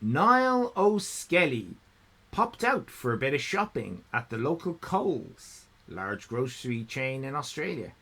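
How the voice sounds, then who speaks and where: A man's voice: a little high, a bit bright, husky. A man hosting a live comedy stream, judging drawings in a playful, teasing way. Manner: playful, teasing, drawn-out delivery. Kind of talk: casual comedic livestream chat.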